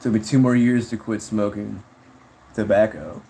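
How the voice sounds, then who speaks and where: A man's voice: fairly low pitch, steady tone, measured pace, dark tone, a little hiss or hum, poor audio. A man chatting casually on a livestream, reading chat in a rambling, slangy way with frequent laughs.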